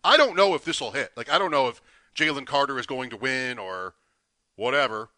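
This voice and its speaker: Male co-host, bright voice, dry mic, teasing sports betting chat. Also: mid-range voice, lively intonation, fairly quick, no room sound. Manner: builds suspense, teasing.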